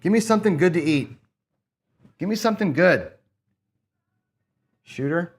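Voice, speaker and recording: A man's voice: high voice, expressive, a little slow. A man hosting a gambling channel, giving casual play-by-play commentary in a rambling, profane way, as if talking to himself. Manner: rambling, profane, talks to himself while playing.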